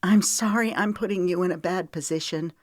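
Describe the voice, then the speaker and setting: A woman's voice: lowish voice, fairly quick, a little mellow, dry recording, clean studio sound, close to an everyday voice. A woman narrator voicing a tearful, defiant young woman in an audiobook, with a pleading, emotional delivery. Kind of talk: audiobook character voice.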